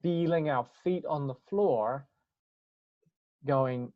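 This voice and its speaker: A man's voice: mid-range voice, a little slow, pauses often, darkish tone, no echo. A man speaking reflectively on a webinar about communication, searching for his phrasing and restarting words as he goes. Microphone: video call. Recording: dull lo-fi webinar audio.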